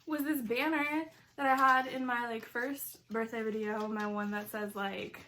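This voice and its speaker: A woman's voice: a little high, fairly even intonation, measured pace, background noise. Chatty young woman vlogging over food. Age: 20s. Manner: chatty, says "like" a lot, giggly asides. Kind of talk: casual mukbang vlog.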